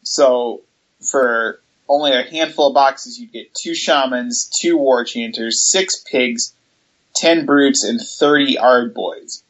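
A man's voice: medium pitch, takes it slowly, fairly bright tone. A man in casual hobby chat, explaining steadily and listing items with some fillers. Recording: dull lo-fi audio.

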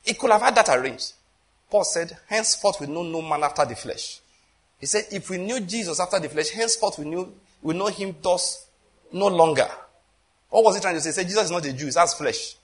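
A man's voice: high-pitched, animated, fairly quick. Impassioned man preaching a sermon. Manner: impassioned, swings between loud emphasis and quiet asides; rhetorical questions to the congregation.

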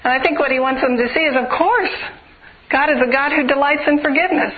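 A woman's voice: high-pitched, quick pace. A woman preaching a sermon, earnest and building through rhythmic repeated phrases. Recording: tinny phone-like radio broadcast.

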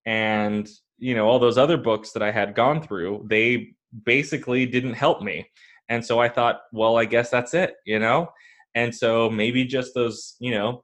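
A man's voice: mid-range voice, a bit bright. Chatty man telling a personal story. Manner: rambling, full of fillers and restarts. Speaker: podcast co-host.

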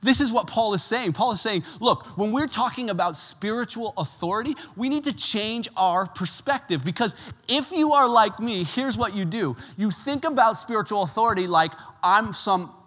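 A pastor with a high-pitched voice preaches a sermon at a moderate pace, with a long reverb tail on the sound. His style is conversational and animated, telling stories sprinkled with casual asides.

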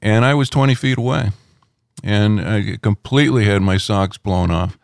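A middle-aged man, a rock critic, telling anecdotes in a relaxed interview at home, rambling with many fillers. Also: lowish voice, normal speed, gravelly, clear, resonant tone, no room sound, clean studio sound.

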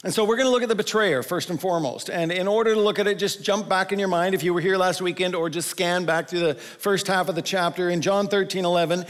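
A male pastor giving a conversational sermon, slowing down to stress the scripture he quotes. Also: sits high, long reverb tail. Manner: conversational preaching, quotes scripture with slowed emphasis.

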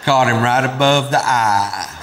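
A man's voice: medium pitch, a little slow, natural voice. A Texan man playing his boastful redneck hunter cousin. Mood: bragging. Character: boastful male redneck hunter cousin bragging about a kill. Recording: reverberant stage recording with audience noise.

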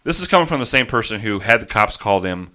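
Brief: low, bright-toned guy, podcast host, profane rant storyteller. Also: fast talker. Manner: animated ranting with profanity, quoting people in his voice. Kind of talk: casual storytelling chat.

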